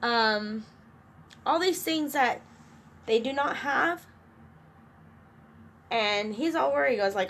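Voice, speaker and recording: A woman's voice: high voice, expressive, takes it slowly, vocal fry, long pauses, a bit bright, a little hiss or hum. A middle-aged woman talking to her camera in an earnest, emotional, rambling way, with restarts. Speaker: vlogger. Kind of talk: personal vlog confiding about co-parenting struggles.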